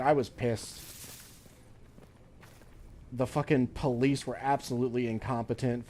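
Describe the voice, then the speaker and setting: A man's voice: medium pitch, a little mellow. A man streaming a video game, ranting angrily in casual profane chat. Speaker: gaming streamer. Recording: faint background noise.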